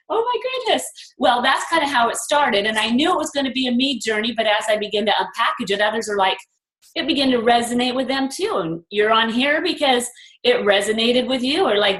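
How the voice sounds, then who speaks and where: An older woman speaks on a video call, her voice sitting a little high. She tells her story with animation and acts out the voices in her head. The room around her gives back a clear echo. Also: fairly bright tone. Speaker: group leader.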